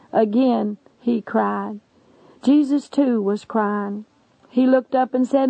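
An earnest woman evangelist delivers an imploring testimony sermon. Her voice is gravelly and somewhat high. The recording is dry and dull, lo-fi. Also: steady tone, slow pace, no echo.

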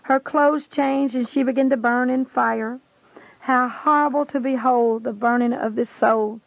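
A woman's voice: fairly high pitch, steady tone, measured pace, creaky, dry recording. A woman earnestly reading aloud a dramatic vision testimony. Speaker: reader of a religious testimony. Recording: tinny phone-like lo-fi recording.

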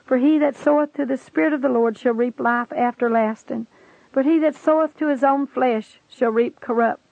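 A woman speaking the lines of Jesus in a slow, grave manner in a testimony reading. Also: high-pitched, creaky, a little mellow, dry recording. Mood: solemn. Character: sorrowful, solemn male Jesus speaking. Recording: tinny phone-like lo-fi recording.

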